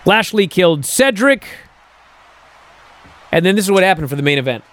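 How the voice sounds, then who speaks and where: Male host, casual recap, bouncy intonation, soft background noise. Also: high voice, moderate pace. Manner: animated, incredulous storytelling with many fillers. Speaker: podcast host.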